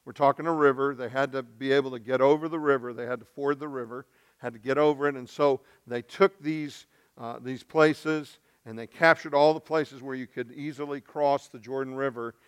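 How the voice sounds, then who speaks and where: A male pastor from Arkansas, speaking, delivers a sermon in a smooth, resonant voice. He acts out the voices in the story, rising to loud, high bursts and then dropping to a hush. His pitch sits in the middle of the male range. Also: fairly even intonation, normal speed.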